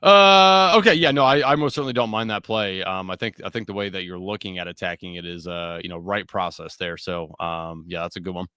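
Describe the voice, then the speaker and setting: A man's voice: deep voice, fairly even intonation, fast, few pauses, sharp tone, clear, resonant tone, dry recording, studio quality. A man co-hosting a sports betting show, giving picks in a laid-back, joking way and laughing between them. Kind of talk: casual sports betting chat.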